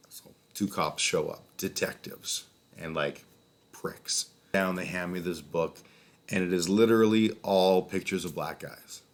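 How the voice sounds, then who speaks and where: Deep-voiced sardonic man telling stories. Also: moderate pace. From Calgary, Canada. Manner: profane, sardonic, animated storytelling with sudden loud outbursts. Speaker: vlogger. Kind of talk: casual storytelling monologue.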